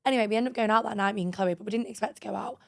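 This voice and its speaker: A woman's voice: medium pitch, rapid-fire, vocal fry. A woman in her twenties co-hosting a podcast, telling a dating story in casual chat, full of "like" and acting out what people said. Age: 20s. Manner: animated, full of "like", acts out quoted dialogue. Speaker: podcast co-host.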